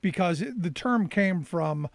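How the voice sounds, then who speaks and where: A man hosting a talk show, asking questions in a quick, eager way with stumbling restarts. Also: high-pitched, animated, no echo. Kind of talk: interview questions.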